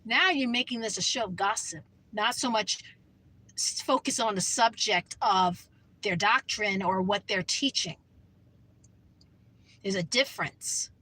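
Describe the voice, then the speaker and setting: A woman's voice: mid-range voice, a little slow, bright, forceful tone, low-quality recording. A woman vlogging from her parked car, talking earnestly in a rambling way and often repeating herself. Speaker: Christian vlogger. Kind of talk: casual talk to camera.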